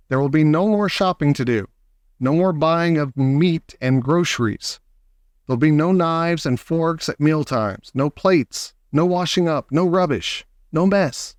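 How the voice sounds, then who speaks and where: A man voicing an eccentric, excitable male chocolate maker who boasts theatrically about his inventions. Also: fairly high pitch, unhurried, no echo, studio quality, natural voice. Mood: exuberant.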